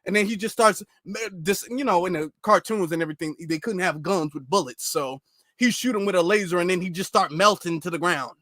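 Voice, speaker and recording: A man hosts a commentary rant, repeating himself as he spins long, animated stories. His voice is fairly high, recorded close and completely dry. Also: brisk, dry recording. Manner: animated, repetitive, storytelling. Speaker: commentary channel host. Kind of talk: ranting commentary.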